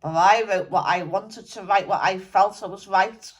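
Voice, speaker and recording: A woman's voice: mid-range voice, normal speed, husky, lightly acted. Woman channelling a ranting dead rock star. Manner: swearing, scolding, ranting. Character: blunt angry male rock musician spirit. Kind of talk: channelled spirit monologue.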